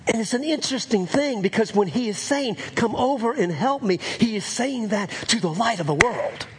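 A man's voice: sits high, animated, normal speed, a bit bright, a little hiss or hum. A man preaching a sermon as pastor, earnest and repeating phrases for emphasis.

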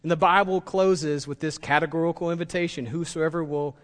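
A man's voice: fairly high pitch, steady tone, a little fast, a bit bright, in a large hall. A man preaching a sermon as pastor, impassioned and building to emphatic peaks.

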